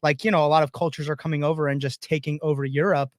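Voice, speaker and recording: A man's voice: a little high, flat delivery, fast talker, no room sound, studio quality. A man co-hosting a podcast, rambling in casual chat with a lot of fillers and hesitations. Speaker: podcast co-host.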